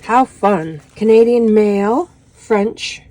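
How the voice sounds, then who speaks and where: A woman's voice: mid-range voice, extremely slow, dark tone, low-quality recording. A woman in her fifties chatting through an unboxing at home, gushing and exclamatory with lots of little "oh"s. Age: 50s. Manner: gushing, exclamatory, full of little "oh"s and "how fun"s. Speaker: crafting vlogger unboxing a haul. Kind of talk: casual unboxing chat.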